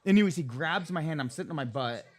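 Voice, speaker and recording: A man's voice: a little high, expressive, fast. A man in his thirties, a podcast guest, telling a long story in casual chat, rambling and swearing with many restarts and fillers.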